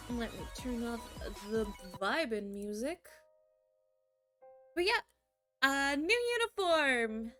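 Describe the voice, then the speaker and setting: A woman's voice: fairly high pitch, animated, slow pace, pauses often, over music. A woman streamer chatting casually and animatedly, laughing and swearing freely between reading passages. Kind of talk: casual live-stream chat.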